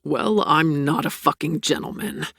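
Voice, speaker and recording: A woman voicing a domineering, seductive man with a low growling murmur in an audiobook. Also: a little slow, gravelly, a bit bright, husky, no echo, studio quality, full character voice. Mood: angry.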